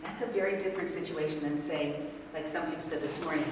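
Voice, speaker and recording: Brief: older woman workshop speaker, lowish voice, lively with the audience, distant mic in a big echoey hall. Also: fast talker. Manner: animated, asks the audience questions. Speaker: speaker leading a parent workshop. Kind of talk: interactive talk to an audience. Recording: echoey hall from far off, noisy.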